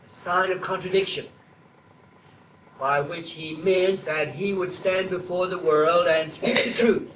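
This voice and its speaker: A man preaching a sermon slowly and deliberately, building to emphatic, repeated declarations. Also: high voice, steady tone, a bit bright, roomy sound, distant mic, a little hiss or hum, low-quality recording. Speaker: traditionalist Catholic preacher.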